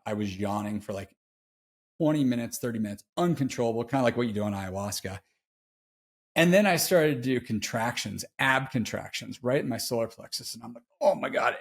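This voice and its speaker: A man's voice: medium pitch, lively intonation, a little fast. A man guest on a podcast, telling a personal story in a casual, candid way, often saying "dude" and restarting his sentences.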